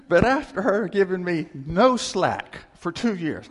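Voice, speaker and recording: A middle-aged man giving a personal testimony to a congregation, telling the story with lively animation and frequent chuckles. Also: sits high, takes it slowly. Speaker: church speaker sharing testimony. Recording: long reverb of a large hall.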